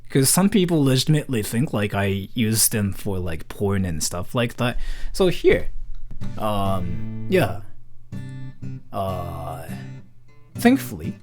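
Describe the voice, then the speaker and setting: A young man from Japan with a Japanese accent, chatting on a livestream and reading out donations in a joking, animated way with lots of filler words. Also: lowish voice, takes it slowly, pauses often, soft background music. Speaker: streamer.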